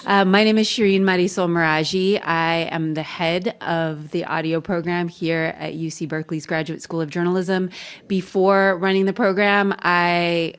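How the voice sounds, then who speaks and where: Woman, 40s, audio program lead, low smooth radio voice, chatty and laughing. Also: little pitch movement, moderate pace. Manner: warm, laughing, conversational. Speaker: head of an audio journalism program. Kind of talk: open house panel talk.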